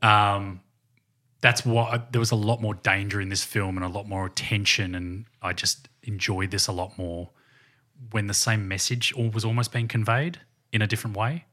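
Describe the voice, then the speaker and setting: Measured male co-host, bright tone. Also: fairly low pitch, fairly even intonation. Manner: measured, hesitant, searching for words. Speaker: podcast co-host. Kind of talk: casual film discussion.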